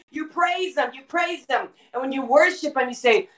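Fervent high-voiced woman preaching, roomy sound. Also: normal speed, a bit bright, recorded from a distance. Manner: fervent and emphatic, slips into quoting scripture. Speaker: podcast guest. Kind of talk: impassioned preaching-style conversation.

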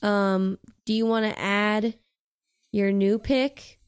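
Young woman, podcast co-host, casual movie chat, smooth clear voice, mid-pitched. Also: slow pace. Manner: chatty, animated, quotes lines in put-on voices.

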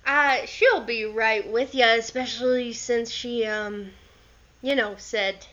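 Woman voicing a goblin flunky, vague New York accent, offhand, fairly high. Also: fairly even intonation, takes it slowly, a bit bright, dull audio. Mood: breezy. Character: scrappy male goblin servant.

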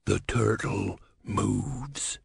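A man's voice: mid-range voice, measured pace, no room sound, studio quality, lightly acted. A man voicing a worried, gloomy ship captain in an audiobook, speaking anxiously and in secretive tones. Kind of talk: audiobook character voice.

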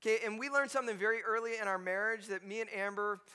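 A man's voice: high voice, fast talker, bright, forceful tone, clean tone. A male pastor preaching to his congregation in a conversational, joking style, often checking in with "right?". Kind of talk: sermon. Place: church sanctuary with a congregation. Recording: long reverb from a large hall.

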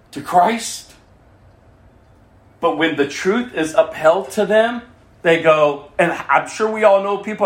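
A woman preaching a sermon with passion, repeating phrases and acting out the voices of people she quotes. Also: mid-range voice. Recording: echoey room.

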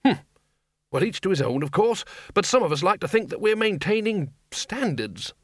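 A man's voice: sits high, sing-song, normal speed, no room sound, studio quality, voice pushed up. A man voicing a fussy, sarcastic older wizard in an audiobook, prissy about standards. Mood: sneering.

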